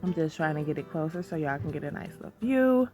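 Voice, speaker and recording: A woman's voice: low-pitched, animated, quick pace, darkish tone. A woman with a scratchy voice, getting over a cold, chatting casually as she demonstrates soap making and calls viewers y'all. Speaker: soap maker and shop owner. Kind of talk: casual how-to narration. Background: background music.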